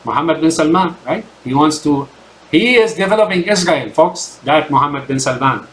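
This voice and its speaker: A man's voice: on the high side, expressive, normal speed, a bit bright, a little hiss or hum, low-quality recording. A man whose first language is Arabic gives a rambling, emphatic monologue to his viewers, often stopping to ask "right?". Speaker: channel host. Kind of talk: ranting monologue to camera.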